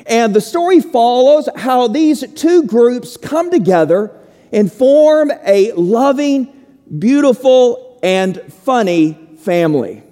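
A man with a strikingly high voice delivers a sermon at an unhurried, deliberate pace. He leans on key words and leaves long pauses between them. The sound carries the long reverb of a large church hall. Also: animated, mellow. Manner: slow, emphatic preaching with dramatic pauses. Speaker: pastor.

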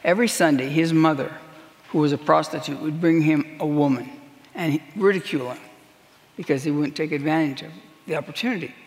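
A woman's voice: deep voice, brisk, darkish tone. Earnest woman minister, emphatic sermon testimony, long hall reverb. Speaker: prison minister.

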